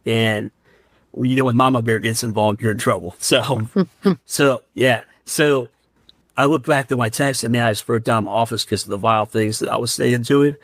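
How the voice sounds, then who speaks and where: A man from Central Ohio talks as a podcast guest, earnest and heartfelt. His voice sits at an ordinary middle pitch. The sound is dry and close, with no room around it. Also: steady tone, normal speed, no echo. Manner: earnest and heartfelt, emotional while recounting. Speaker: firefighter and paramedic, podcast guest. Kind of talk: candid interview storytelling.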